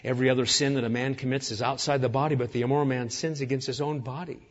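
Husky-voiced man preaching a sermon. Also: mid-range voice, steady tone, fast, lo-fi sound. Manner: earnest, emphatic preaching with repeated lists. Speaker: pastor.

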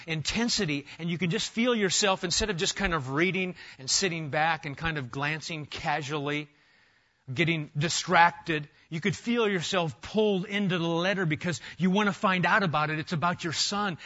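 A middle-aged man preaching an expository sermon, emphatic and animated, often restarting his phrases. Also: sits high, lo-fi sound. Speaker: pastor.

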